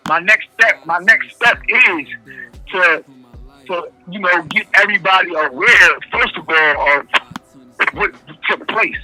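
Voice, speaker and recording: High, bright-voiced man, emphatic and repetitive. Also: measured pace, faint music behind, rough recording. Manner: emphatic, repeats key phrases, street-casual speech. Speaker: incarcerated interviewee. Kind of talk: impassioned interview answers.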